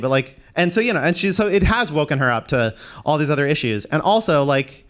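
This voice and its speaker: A man's voice: fairly high pitch, animated, quick pace, a bit bright, clean tone. A man speaking on a panel as an activist, rambling and hesitant, with many restarts. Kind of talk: casual panel talk.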